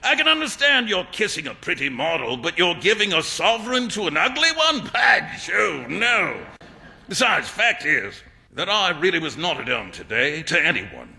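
A man reading a story aloud and voicing a jovial upper-class painter who teases and laughs loudly. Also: very animated, normal speed, gravelly, big-room sound, full character voice. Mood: amused teasing. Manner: booming, mocking, bursts of laughter.

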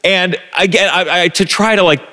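A man telling a self-deprecating personal story on a live stage, animated, with stumbling restarts. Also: high voice, normal speed, long reverb tail. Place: live stage before an audience.

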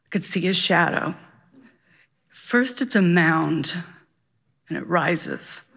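A woman telling a personal story live on stage, vivid and animated. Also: medium pitch. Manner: vivid, animated, childlike wonder.

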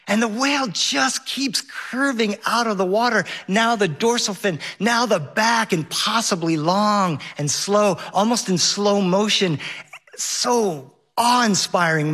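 A man's voice: high voice, bright, forceful tone. A man telling a first-person story on stage, with vivid and well-paced narration.

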